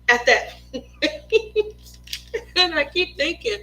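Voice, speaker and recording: Woman, craft livestream host, slow easy delivery, bright tone, animated, laughing storyteller. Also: very high voice, poor audio. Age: adult mother of two. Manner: animated, laughs often, acts out family members' lines.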